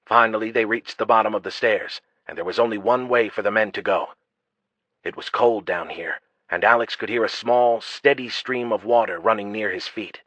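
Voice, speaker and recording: Low-voiced male audiobook narrator. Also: moderate pace, no echo. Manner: steady, even storytelling. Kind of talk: scripted narration. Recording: dull lo-fi dry audio.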